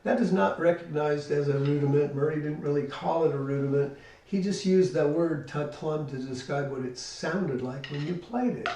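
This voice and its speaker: An older man giving a spoken drum lesson, explaining step by step and counting rhythms aloud. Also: fairly high pitch. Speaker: drum teacher. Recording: echoey room, distant mic, loud hiss.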